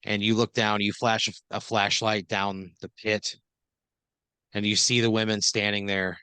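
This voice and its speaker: A man's voice: fairly low pitch, level tone, a little slow, bright, forceful tone, smooth, dry recording. A man improvising a comedic second-person story on a podcast, rambling loosely with lots of fillers.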